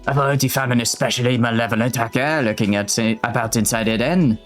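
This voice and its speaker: Man putting on a poised formal woman, mock French accent, earnest, measured, game dialogue read aloud. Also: medium pitch, faint music behind, close to an everyday voice. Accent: put-on French accent.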